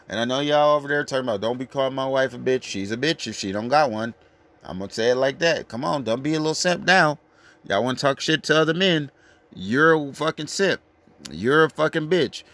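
A man preaching in a blunt, profane rant, lecturing his listeners hard. He reads out verses slowly and with weight, then snaps back into crude street talk. His voice sits at an ordinary middle pitch. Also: a bit bright.

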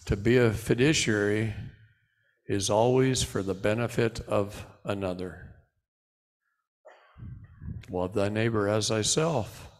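A middle-aged man giving a live seminar lecture to an audience, preaching in animated bursts that drop to low asides. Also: slow, long pauses. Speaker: seminar speaker. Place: large hall before a live audience. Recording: long hall reverb.

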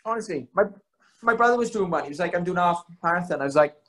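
A man's voice: high-pitched, expressive, very fast, a bit bright. A young man, chatting as a podcast guest, telling rambling, self-mocking stories full of swearing. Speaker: guest, fighter. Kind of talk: casual podcast chat.

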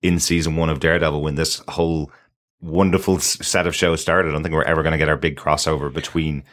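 A man with an exceptionally deep voice talks casually as a podcast co-host. He thinks aloud, speculating and weighing possibilities as he goes. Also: level tone, quick pace, a bit bright. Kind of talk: casual chat.

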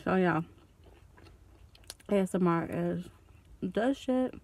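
A woman's voice: fairly low pitch, slow pace, vocal fry, a little mellow. A young woman rambles through a casual mukbang, chewing and talking at once. She speaks into a phone held in her hand while sitting in a parked car. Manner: rambling, chatty, eating and coughing while talking. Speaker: beauty vlogger.

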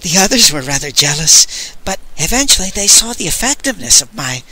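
Man voicing a sadistic hissing torturer, frog-like, wet-lipped, high, very bright, storybook reading. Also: very animated, fairly quick, heavily acted, rough recording. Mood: gleeful.

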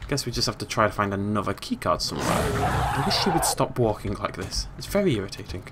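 British man, let's play host, lively up-and-down pitch, goofy squeaky noises, noisy recording. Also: fast talker. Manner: joking, talks to the game, squeaky silly noises. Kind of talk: casual gameplay commentary.

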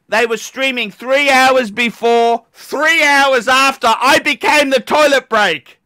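A man hosting a live stream, ranting and swearing at callers, bursting into shouts. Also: very high-pitched, takes it slowly, hardly any pauses, dry recording, clean studio sound. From Australia. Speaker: livestream host.

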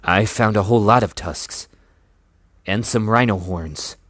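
An earnest young boy speaking politely and firmly, as a man reading the story puts him on. The voice stays low and slow. It sounds dry and close to the mic. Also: fairly bright tone, no echo. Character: determined young village boy.

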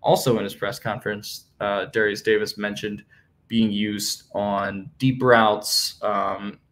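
A man's voice: on the low side, little pitch movement, slow pace, fairly bright tone. A young man hosting a sports podcast, talking casually through team news with many fillers and restarts. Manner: conversational, many fillers and self-corrections. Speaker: podcast host. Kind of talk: solo sports podcast analysis.

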